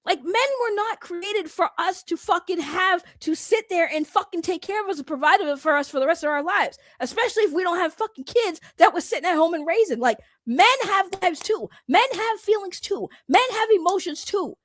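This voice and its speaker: A woman's voice: very high voice, expressive, moderate pace, few pauses, no room sound, studio quality. A young woman giving a heated, profane commentary rant in blunt, slangy talk. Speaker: commentary YouTuber.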